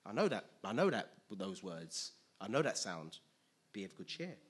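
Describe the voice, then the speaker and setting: Male preacher, sermon, animated delivery, husky voice, lively swings in pitch. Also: moderate pace. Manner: animated, acts out scenes with sudden loud high outbursts.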